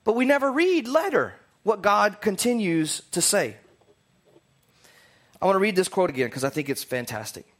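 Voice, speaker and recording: A man's voice: high-pitched, lively intonation, normal speed. A man teaching a casual sermon, conversational and rambling with jokey asides.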